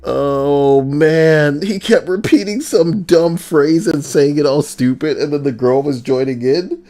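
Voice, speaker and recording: A man's voice: on the high side, unhurried, mellow. A man streaming and chatting casually, joking and rambling in a goofy way.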